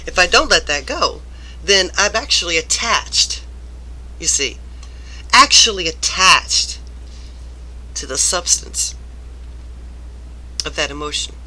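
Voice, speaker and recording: A woman's voice: fairly low pitch, lively intonation, slow, pauses often, pushed and bright. A woman vlogger ranting about work, rambling and exasperated, turning self-reflective. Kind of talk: rambling personal rant to camera.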